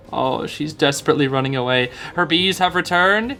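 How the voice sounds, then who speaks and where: A young man giving casual, excitable commentary on a video game, groaning in sympathy and using lots of slang. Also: a little high, moderate pace, hardly any pauses, soft background music. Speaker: gaming streamer.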